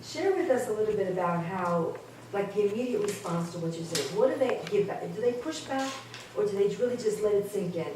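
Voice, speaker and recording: Measured woman questioning in an echoey room. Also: medium pitch, expressive, mellow. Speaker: board member. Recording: echoey room, distant mic, faint noise.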